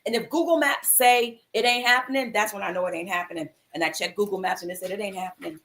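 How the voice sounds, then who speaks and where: A woman's voice: medium pitch, fast talker. A woman hosting a mindfulness livestream, telling an inspirational story to her viewers in casual slang and acting out the voices of people in it. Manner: animated, acts out quoted voices, casual slang. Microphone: livestream computer mic.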